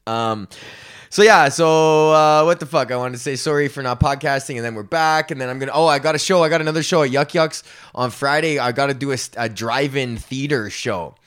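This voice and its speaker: A man's voice: mid-range voice, brisk, a bit bright, clean tone. A young man hosting his own podcast from a home studio, a stand-up comedian ranting casually with lots of swearing, slang and laughter. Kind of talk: casual rambling rant.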